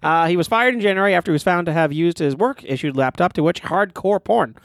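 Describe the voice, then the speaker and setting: A man's voice: sits high, fast, no room sound, studio quality. A man co-hosting a podcast, reading out odd news stories and riffing on them in casual banter. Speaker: podcast co-host.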